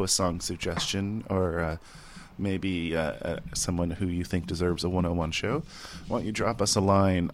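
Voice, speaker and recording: A man with a fairly low voice hosts an internet radio show in a loose, rambling way. He talks casually, tosses in the odd curse and trails off mid-thought. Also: slight background noise. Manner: laid-back, rambling, swears casually.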